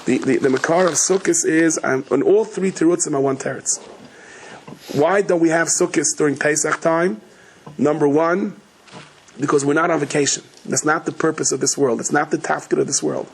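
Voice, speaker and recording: A middle-aged man giving a sermon as a rabbi, telling stories in a rapid, chatty, joking way. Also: a little high, fairly even intonation, slightly rough, rough recording. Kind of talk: sermon with humorous storytelling.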